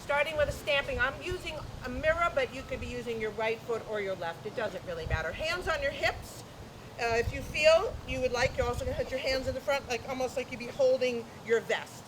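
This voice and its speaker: A woman's voice: fairly high pitch, animated, brisk, noisy background. A woman teaching a flamenco dance class, energetically counting beats aloud and mixing in Spanish counts. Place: dance class, community TV broadcast.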